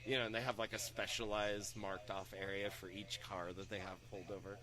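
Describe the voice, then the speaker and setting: A young adult man casually telling a story on a podcast, swearing freely and acting out other people's lines. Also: fairly quick. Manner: animated anecdote-telling, swearing, acting out quotes with raised pitch. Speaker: podcast co-host.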